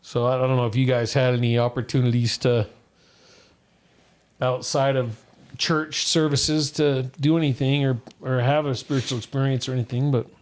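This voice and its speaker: A man's voice: medium pitch, steady tone, normal speed, darkish tone. Middle-aged guy from utah telling a long heartfelt story on a podcast, earnest, rambles and restarts a lot. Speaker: podcast co-host. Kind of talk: casual chat, personal story.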